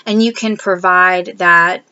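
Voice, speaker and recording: A woman's voice: lowish voice, steady tone, slow pace, sharp tone, smooth, highs cut off. A woman explaining early literacy activities for the classroom, with frequent "um"s and "okay?" check-ins. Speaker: teacher education student presenting.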